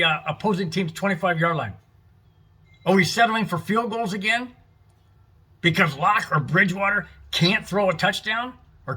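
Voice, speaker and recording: Man, middle-aged, sports rant, angry and emphatic, husky, bright. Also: sits high. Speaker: fan podcast host.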